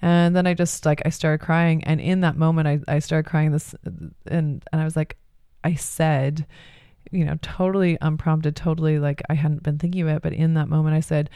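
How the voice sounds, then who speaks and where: Woman, middle-aged, low pitch, dry sound, candid rambling monologue. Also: steady tone, moderate pace, dark tone, clean tone, no echo. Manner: candid, rambling, with many fillers and restarts. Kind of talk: reflective personal monologue.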